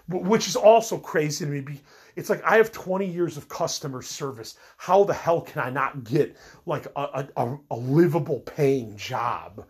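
Husky, fed-up man venting. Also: a little high, expressive, normal speed. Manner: rambling, frustrated, venting with many fillers. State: sick with a cold. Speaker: podcast host. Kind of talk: casual personal monologue.

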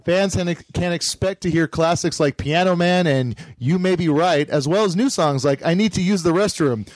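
A man's voice: high-pitched, normal speed, no room sound. A man hosting a comedy podcast, rambling casually with frequent fillers and laughter. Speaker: podcast host.

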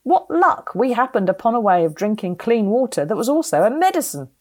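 A woman's voice: fairly high pitch, sing-song, brisk, a little mellow. A middle-aged British woman with a British accent reading her opinion column aloud in a wry, sardonic, opinionated way. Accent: British English.

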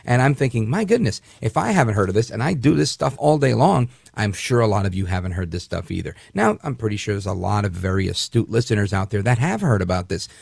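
A man's voice: on the low side, animated, quick pace, vocal fry, few pauses, a little mellow, husky, dry recording, clean studio sound. A man hosting a syndicated talk radio show, delivering an indignant, rambling monologue with frequent restarts. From Puerto Rican heritage, raised in the northern US.

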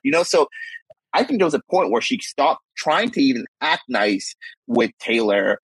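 A man with a somewhat husky voice talks through ideas on a podcast, often restarting his sentences. He is recorded dry on a close mic. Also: mid-range voice, big pitch swings, normal speed, a bit bright, dry recording, low-quality recording. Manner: thoughtful, rambling, frequent restarts. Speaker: podcast co-host. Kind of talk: casual podcast discussion.

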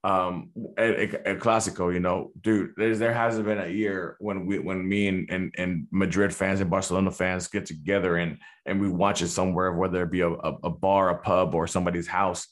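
A man's voice: deep voice, little pitch movement. A man from the United States in a casual chat, who often stops and restarts his sentences and readily agrees with the other speaker. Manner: halting, restarts a lot, agreeable.

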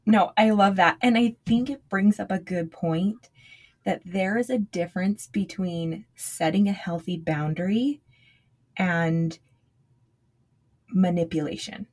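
Woman, podcast co-host, earnest, reflective, fairly low voice. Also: a little slow, darkish tone. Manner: earnest and reflective, asks questions. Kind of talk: casual chat.

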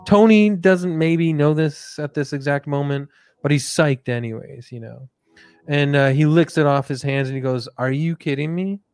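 A man hosting, telling an improvised comic story in a rambling, relaxed way with many fillers. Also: a little high, moderate pace, clean tone, dry recording, clean studio sound, faint music behind. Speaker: host.

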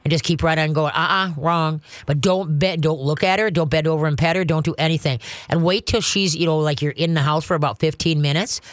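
A man's voice: a little high, steady tone, quick pace, hardly any pauses, dry recording. A man hosting a call-in radio show about dogs. He talks in a folksy, rambling way, full of restarts and fillers. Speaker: radio call-in host giving dog training advice. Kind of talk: casual call-in radio chat. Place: radio studio. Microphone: studio microphone.

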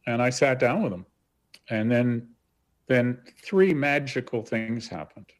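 A Canadian man recounting a story in an interview, animated and acting out the quotes. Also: medium pitch, unhurried. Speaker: guest.

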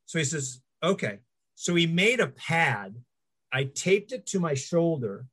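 In a casual interview, a middle-aged man appearing as a guest recounts lively anecdotes, slipping into the voices of those he quotes. His voice sits on the high side and his speed is normal.

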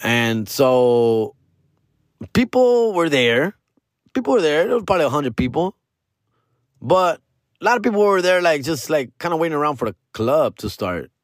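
A man from Los Angeles, a comedian, telling a story in a casual, profane, slangy way, dropping Spanish words and swinging his pitch and loudness. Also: big pitch swings, moderate pace, no echo, clean studio sound. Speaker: stand-up comedian, podcast host.

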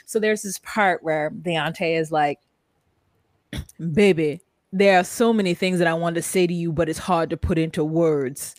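A woman's voice: lowish voice, normal speed, no room sound. A woman co-hosting a podcast, recapping a reality show in casual chat, laughing often and putting on dramatic voices for quotes. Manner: animated, laughs often, mock-dramatic voices when quoting. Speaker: podcast co-host.

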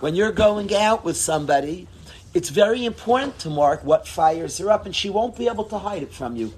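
A man teaching a Torah class in a casual lecture, expressive, swinging between low tones and loud bursts. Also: brisk, slightly rough. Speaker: rabbi teaching students.

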